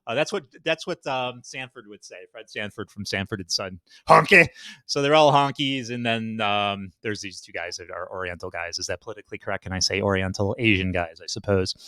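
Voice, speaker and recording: A man's voice: fairly low pitch, a bit bright, clear, resonant tone, no room sound. Rambling profane man, dry sound. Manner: rambling, profane, self-correcting. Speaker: commentator. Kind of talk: casual commentary reading a web page.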